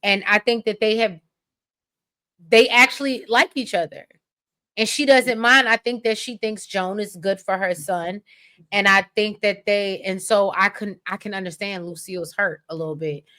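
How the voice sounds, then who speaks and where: A woman from the United States co-hosting a casual chat, talking in an animated, rambling, expressive way. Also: mid-range voice, normal speed. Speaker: podcast co-host.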